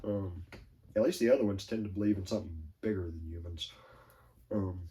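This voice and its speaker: A man hosting a podcast, talking in a rambling, animated way with quick asides and quoted voices. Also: sits low. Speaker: podcast host. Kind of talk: casual chat.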